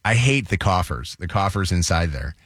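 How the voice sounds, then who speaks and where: Radio host, male, lowish voice, relaxed and chatty, dry close studio sound. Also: normal speed, no room sound. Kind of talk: casual call-in radio chat.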